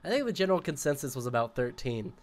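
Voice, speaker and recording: A man's voice: mid-range voice, sing-song, fast talker. Jokey rambling male game streamer. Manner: jokey, rambling, talks to chat while playing. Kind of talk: casual gaming stream chat.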